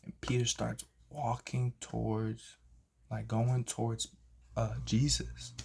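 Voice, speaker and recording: A man's voice: mid-range voice, slow pace, creaky, breathy edge. A young man telling a personal story in a casual vlog, acting out the people he quotes with sudden jumps in voice. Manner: animated, acts out quotes with big jumps in voice. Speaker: vlogger.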